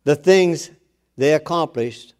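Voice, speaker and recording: A man's voice: on the high side, slow, a little mellow. A man preaching a sermon, earnest, with self-deprecating asides, rising in force when he exhorts.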